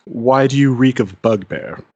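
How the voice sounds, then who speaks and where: A man's voice: mid-range voice, measured pace, mellow, no echo, highs cut off. A man doing a menacing young bugbear jailer. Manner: gruff, blunt interrogating. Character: huge scarred adolescent male bugbear jailer, menacing. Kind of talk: tabletop role-play voice.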